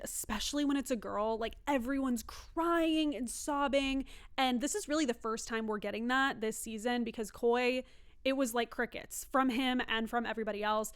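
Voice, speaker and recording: A woman's voice: a little high, clean tone. A young woman giving a casual, opinionated TV recap, chatty and laughing often. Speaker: TV recap reviewer.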